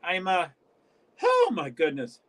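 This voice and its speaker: A man's voice: high-pitched, huge pitch swings, slow, fairly bright tone. A man from the northeastern US hosting his own livestream, talking in a rambling, stop-start way and often cutting himself off mid-sentence. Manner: rambling, stop-start, frequent self-interruptions. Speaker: livestream host. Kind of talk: casual livestream chat.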